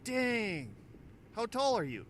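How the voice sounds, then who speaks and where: A man voicing an excited, pushy acquaintance who keeps coaxing a friend to come play basketball. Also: high-pitched, slow pace, a little hiss or hum, pitched above the performer's own voice, heavily acted. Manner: eager, coaxing, exclamatory.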